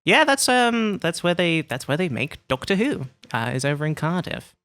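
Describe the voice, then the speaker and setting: Bright, smooth-voiced man telling chatty stories. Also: fairly high pitch, big pitch swings, moderate pace, dry recording. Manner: chatty, playful anecdotes. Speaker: podcast host. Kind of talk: casual chat.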